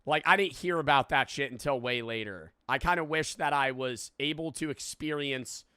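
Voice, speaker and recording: A man's voice: mid-range voice, moderate pace, sharp tone, clean tone, dry recording, clean studio sound. A man in his twenties reacting to a video, rambling and swearing with laughing asides. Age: 20s. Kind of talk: casual reaction commentary.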